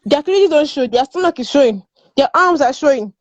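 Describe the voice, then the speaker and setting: A woman's voice: sits high, animated, fairly quick, highs cut off. A woman from Nigeria, speaking as a guest in a casual discussion. She is emphatic, repeats words and laughs often. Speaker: guest panelist.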